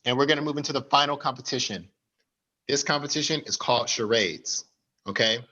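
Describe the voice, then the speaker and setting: A man's voice: medium pitch, a little fast, bright, forceful tone, highs cut off. A man hosting an online party game over a video call, with an upbeat, announcer-like delivery. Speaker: game host.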